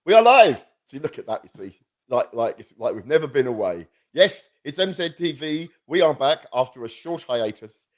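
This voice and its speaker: A man's voice: mid-range voice, animated, moderate pace. A man co-hosting a casual podcast chat, rambling and self-mocking with frequent restarts, on a podcast microphone. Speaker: podcast co-host. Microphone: new podcast microphone.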